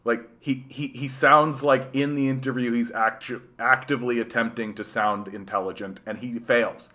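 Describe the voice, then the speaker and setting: A man's voice: medium pitch, steady tone, normal speed, bright, forceful tone. A young man from Canada hosting a political livestream, ranting with profane sarcasm and stumbling over repeated words when heated.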